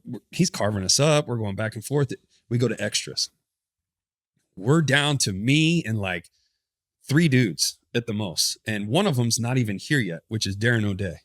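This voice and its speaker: Profane, animated man telling stories. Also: mid-range voice, no echo, clean studio sound. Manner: animated, profane, self-correcting storyteller. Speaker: podcast guest, former pitcher. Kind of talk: casual storytelling interview.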